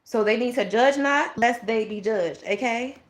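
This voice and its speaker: A woman's voice: on the high side, moderate pace, echoey room. A woman giving a blunt, ranting tarot reading in a casual monologue. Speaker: tarot reader.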